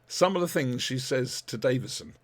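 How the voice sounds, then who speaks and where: A man's voice: medium pitch, normal speed, a crowd in the background. A man hosting a casual podcast, rambling with lots of ums as he reviews audio dramas. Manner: rambling, animated, many ums. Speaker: podcast host.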